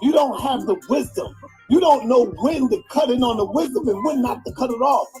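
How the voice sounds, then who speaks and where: A man's voice: extremely high pitch, animated, moderate pace, darkish tone, faint music behind. A man lecturing his partner insistently during an argument on a live stream.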